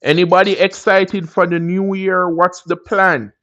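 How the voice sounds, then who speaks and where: A Jamaican man with a slightly high voice hosts a live stream and chats loosely with his viewers. He wanders into encouraging life advice between answering comments. The audio is dull and lo-fi. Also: flat delivery, a little slow, a bit bright, dry recording, soft background music. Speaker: livestream host.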